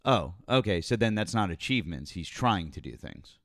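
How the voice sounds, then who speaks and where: A man's voice: low voice, big pitch swings, moderate pace, fairly bright tone, dry recording, studio quality. A man hosting a live political call-in show, mocking and needling a caller and repeating himself. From Massachusetts. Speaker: political talk show host. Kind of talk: heated live call-in debate.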